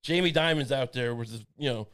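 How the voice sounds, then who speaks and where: A man's voice: medium pitch, a little fast, fairly bright tone, smooth. A man co-hosting a podcast in casual chat, rambling and joking with crude asides and frequent restarts. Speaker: podcast co-host.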